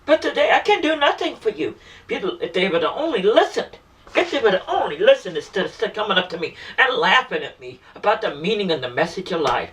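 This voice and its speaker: A man's voice: sits high, big pitch swings, fast talker, a bit bright, distant mic, rough recording. A man delivering an emotional, pleading monologue about faith and the meaning of life, repeating himself often. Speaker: self-styled spiritual messenger.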